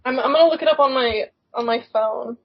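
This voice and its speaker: A young woman with a husky, fairly high voice rambles excitedly through casual chat and giggles easily. She co-hosts a podcast from a remote call. The audio is muffled and lo-fi. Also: fairly quick. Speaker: podcast co-host. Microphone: remote call microphone.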